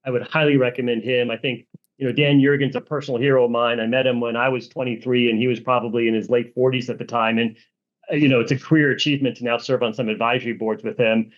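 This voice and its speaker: A man as an interview guest, answering earnestly and in a measured way, with clear enthusiasm. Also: medium pitch, flat delivery, dull audio. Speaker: guest, energy analyst.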